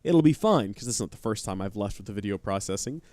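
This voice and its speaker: A man's voice: on the low side, fairly even intonation, very fast, darkish tone, no echo. A man chatting and joking while playing a game live, talking to his viewers. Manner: chatty, joking, reads chat aloud. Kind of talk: live let's-play commentary.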